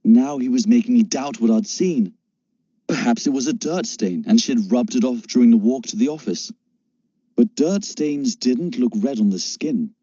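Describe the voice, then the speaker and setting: A male narrator reads a first-person story in steady storytelling. His voice is very dark and somewhat husky. The recording is dull, dry and lo-fi. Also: mid-range voice, normal speed, no echo. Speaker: audiobook narrator.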